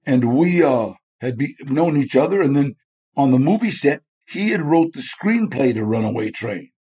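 A man's voice: medium pitch, expressive, moderate pace, warm tone, breathy edge. A man, a guest in an interview, telling stories animatedly, acting out the people he quotes and laughing often. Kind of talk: storytelling in a chat interview.

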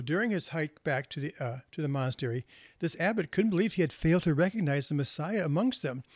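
A man giving a reflective talk, telling moral stories gently and unhurriedly, with pauses and small restarts. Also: a little high, no echo, studio quality. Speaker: speaker sharing moral stories.

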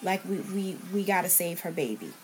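A woman's voice: on the low side, expressive, fairly quick, darkish tone, a little hiss or hum. Woman earnestly retelling a story from home. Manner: earnest, relives scenes by quoting others' words. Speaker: podcast guest. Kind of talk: personal storytelling in conversation. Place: at home, in a bedroom with a TV on.

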